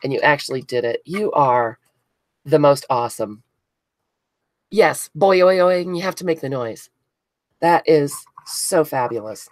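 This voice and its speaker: A woman's voice: very deep voice, normal speed, a little mellow, no room sound. A woman hosting a craft live stream, chatting casually with viewers and gushing with frequent giggles. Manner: giggly, gushing, reads out chat names.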